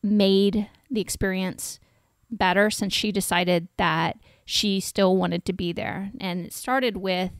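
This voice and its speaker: A woman's voice: medium pitch, steady tone, takes it slowly, no room sound, studio quality. A woman who hosts a podcast as a dating coach, giving frank, direct advice in a casual chat and swearing casually.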